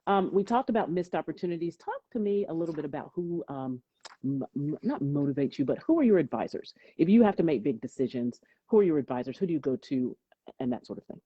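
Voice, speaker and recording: Husky-voiced woman podcast host. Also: low voice, animated, fast, dry recording. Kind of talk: interview questions. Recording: dull, dry lo-fi audio.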